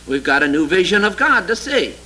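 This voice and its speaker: A male preacher with a high, piercingly bright voice delivers a sermon and reads scripture aloud. He mocks opposing ideas with heavy sarcasm, jumping from loud outbursts to low, quiet asides. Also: brisk, low-quality recording. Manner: sarcastic, mocking; animated, swinging from loud exclamations to low asides.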